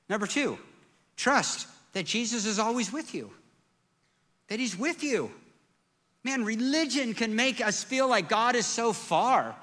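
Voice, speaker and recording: A man's voice: expressive, a little slow, long pauses, pushed and bright, big-room sound. A man preaching a sermon as pastor, conversational and emphatic, asking the congregation questions. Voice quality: self-described squeaky voice.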